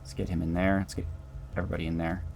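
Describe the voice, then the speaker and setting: A man giving calm, dry, explanatory commentary while playing a video game. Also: low voice, rapid-fire, gravelly, a little hiss or hum. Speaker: gameplay commentator. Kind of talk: let's play commentary.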